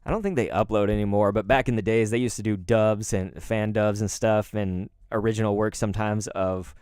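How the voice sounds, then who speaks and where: A man's voice: on the low side, steady tone, a little fast, a little mellow, smooth, dry recording, clean studio sound. A man with a cold, chatting and rambling casually to viewers on a live stream. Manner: rambling, chatty, chuckling asides. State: congested and sore-throated from a cold. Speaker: streamer and voice actor.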